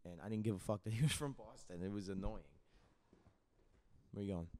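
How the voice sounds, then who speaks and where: A man's voice: lowish voice, a little fast, darkish tone. A man who is a podcast guest, chatting casually and profanely about a trip, often laughing. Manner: easygoing, profane, chimes in with laughs. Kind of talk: casual chat.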